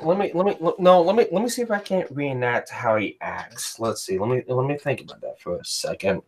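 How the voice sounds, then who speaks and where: A man's voice: mid-range voice, lively intonation, a little fast, few pauses. A man hosting a casual chat, rambling and blunt with heavy swearing. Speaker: podcast host. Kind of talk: casual chat reviewing anime.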